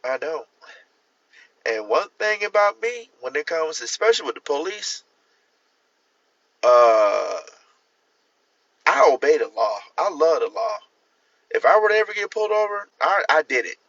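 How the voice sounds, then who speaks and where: A man's voice: on the high side, big pitch swings, unhurried, long pauses, a bit bright, far from the mic. A man, chatting casually and animatedly on a livestream, laughing and acting out the voices he quotes. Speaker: livestream host. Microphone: phone. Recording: dull lo-fi phone audio.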